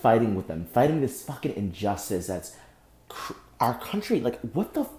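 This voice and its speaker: A young man hosting a solo podcast, speaking angrily and with deep emotion, often breaking off and repeating himself. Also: big pitch swings, moderate pace, a little mellow, roomy sound. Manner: angry, emotional, repeats and restarts. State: emotionally shaken. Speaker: podcast host. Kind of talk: impassioned solo podcast monologue.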